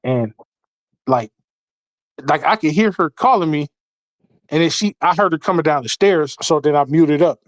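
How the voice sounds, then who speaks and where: A man telling a casual, animated story on a podcast, swearing and acting out quotes in a raised voice. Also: a little high, normal speed, pauses often, dry recording, studio quality. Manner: profane, repetitive restarts. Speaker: podcast co-host. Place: home basement studio.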